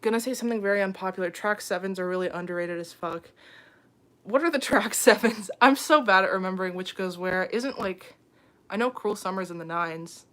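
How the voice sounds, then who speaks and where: A young woman talks casually to her livestream viewers from home, in a voice of ordinary middle pitch. She is chatty and loose, reading comments aloud and scattering ums and small laughs through her talk. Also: a little fast, a bit bright. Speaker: livestream host.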